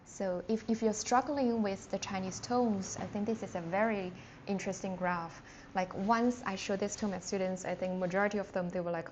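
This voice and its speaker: A woman who speaks natively teaching a live online beginner lesson, chatty and full of fillers, slowly sounding out Chinese words with exaggerated tones. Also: mid-range voice, fairly even intonation, a little mellow. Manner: chatty, loose, with many fillers and self-restarts. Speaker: Mandarin teacher. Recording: dull lo-fi stream audio with faint background noise.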